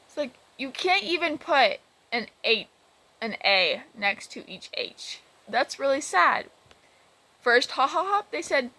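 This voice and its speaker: A woman's voice: sits high, big pitch swings, takes it slowly, pushed and bright, low-quality recording. A woman vlogger retelling a game story in a rambling, exasperated way, with many restarts. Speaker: gaming vlogger. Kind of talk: casual storytelling about a game.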